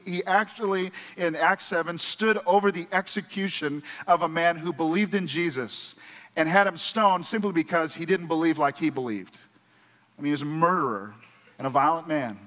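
A man's voice: sits high, pushed and bright. A male pastor preaching a sermon in an earnest, conversational storytelling manner. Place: church. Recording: church hall with long reverb.

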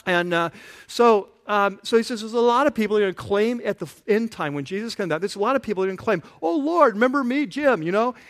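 A pastor giving a conversational sermon, often asking the congregation questions. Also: male voice, sits high, fast talker. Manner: casual, asks the congregation questions.

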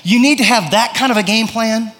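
Male pastor, high voice, casual preaching style, long echo of a big room. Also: fairly quick, a bit bright. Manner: conversational preaching with acted-out prayers and anecdotes. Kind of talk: sermon.

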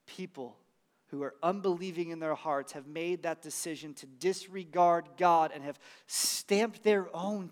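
A man preaches a sermon as pastor, his voice set noticeably high for a man. He moves between emphatic, driving points and loose, conversational asides.

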